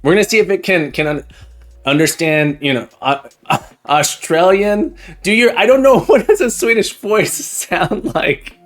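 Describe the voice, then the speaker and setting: A man hosting a live coding stream, chatting excitedly and jokingly with viewers, often repeating words and restarting his sentences. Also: high voice, unhurried. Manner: laughs often and jokes with chat. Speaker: livestream coding host. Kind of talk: casual live-stream chat while coding.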